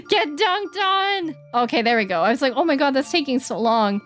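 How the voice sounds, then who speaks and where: Streaming a game, a woman on the higher side of pitch keeps up casual chatter. She voices the dialogue aloud in rapid, playful characters.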